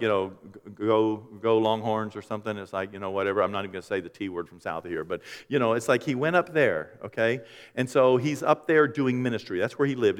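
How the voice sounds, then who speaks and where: A middle-aged man preaching a teaching sermon as pastor, animated and joking, acting out quoted voices. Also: medium pitch. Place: church sanctuary. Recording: long hall reverb.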